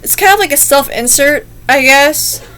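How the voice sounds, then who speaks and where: A woman's voice: sits high, expressive, moderate pace, fairly bright tone. A young woman reading short scary stories and chatting between them in a rambling, easily spooked way. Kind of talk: casual reaction commentary.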